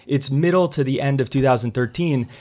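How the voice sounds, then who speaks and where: A man's voice: mid-range voice, brisk. A man, a restaurant co-owner who used to work in finance, telling a story in a casual interview and acting out what others said. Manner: animated, quotes others in voices.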